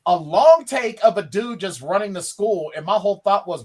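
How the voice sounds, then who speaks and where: A man's voice: sits high, animated, normal speed. A man co-hosting a podcast, chatting enthusiastically about films and rambling a little with fillers. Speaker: podcast co-host. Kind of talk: casual film review chat.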